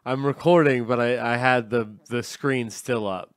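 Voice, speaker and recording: Laid-back podcast producer, mid-pitched. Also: male voice, steady tone, measured pace, clean tone, no echo, studio quality. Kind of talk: casual podcast banter.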